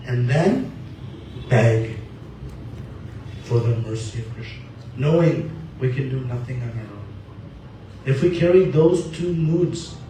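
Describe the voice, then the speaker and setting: Man preaching, slightly high voice, asks and answers himself, big echoey hall from far off. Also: mellow, a little hiss or hum. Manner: earnest, asks and answers his own questions. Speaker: speaker giving a spiritual talk. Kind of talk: sermon. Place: temple hall.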